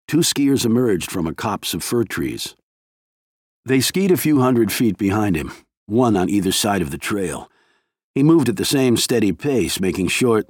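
A man reading a thriller as an audiobook narrator, in a measured, steady way. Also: fairly low pitch, dry recording, clean studio sound.

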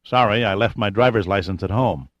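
A man voicing a calm, good-humored male rescuer who talks soothingly and cracks easy jokes. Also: lowish voice, a little fast, no room sound, highs cut off, lightly acted. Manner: soothing, joking, easygoing.

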